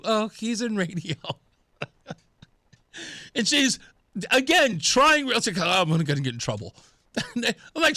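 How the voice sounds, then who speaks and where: A man's voice: very high voice, no echo, studio quality. A man hosting a talk radio show, telling stories with laughs, his throat scratchy from pollen. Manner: animated, laughing storyteller. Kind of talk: casual talk radio monologue. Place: radio studio. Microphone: studio microphone.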